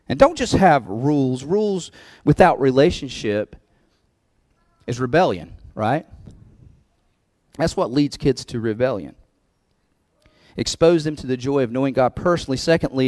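A man's voice: medium pitch, lively intonation, a little slow, long pauses, darkish tone, no room sound. A man preaching as pastor of his church, talking conversationally and laughing between points, building to emphatic peaks. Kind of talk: sermon.

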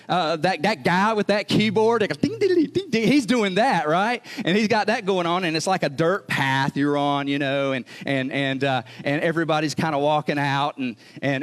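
Casting: male pastor, slightly higher voice, lively storytelling sermon delivery. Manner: animated, chatty, laughs and acts out quotes.

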